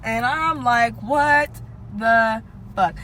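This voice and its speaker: Animated, foul-mouthed woman telling a story. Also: on the high side, extremely slow, a little hiss or hum. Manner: animated, profane, talks straight to viewers as "y'all". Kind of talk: casual storytime to camera.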